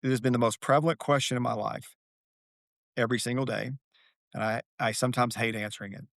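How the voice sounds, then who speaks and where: A man's voice: mid-range voice, fairly even intonation, quick pace, creaky, fairly bright tone, no echo, studio quality. Earnest man telling a dramatic story. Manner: earnest, dramatic storyteller who repeats key phrases. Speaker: guest, author and athlete. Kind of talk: reflective podcast conversation.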